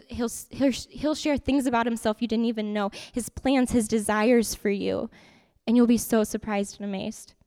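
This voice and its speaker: A woman giving an interactive youth sermon in a church hall, lively and repeating her points to keep the group's attention. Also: a little high. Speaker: youth teacher. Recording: long hall reverb.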